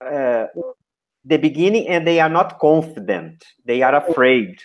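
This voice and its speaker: A man giving feedback to a trainee teacher, modeling classroom instructions in short, deliberate chunks. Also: on the high side, animated, dull audio.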